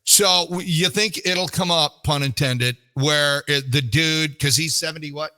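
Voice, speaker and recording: A man's voice: a little high, measured pace, pushed and bright, clear, resonant tone. A middle-aged man hosting a morning radio show, joking and rambling with lots of fillers in studio banter. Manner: wisecracking, rambling with many fillers. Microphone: studio mic.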